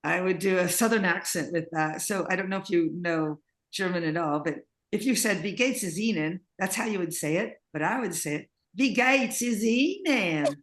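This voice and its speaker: A woman's voice: fairly low pitch, a little fast. A woman interviewee telling rambling stories in casual chat, laughing often, over a video call. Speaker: interviewee, singer and composer.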